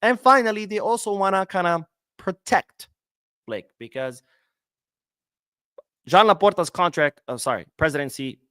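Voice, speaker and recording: A man hosting a casual solo podcast, reading viewer comments and answering them in an animated, outspoken way, sometimes swearing. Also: high-pitched, normal speed, pauses often, no echo, clean studio sound. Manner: animated, talks back to viewers, swears when worked up. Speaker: podcast host. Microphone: webcam setup, talking to camera.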